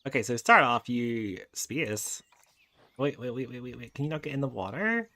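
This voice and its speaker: A gaming YouTuber with a mid-range, expressive, bright and forceful voice talks at a normal speed over game background music. He casually narrates each step and each of his clicks, chatting along and speaking fondly to the animals on screen.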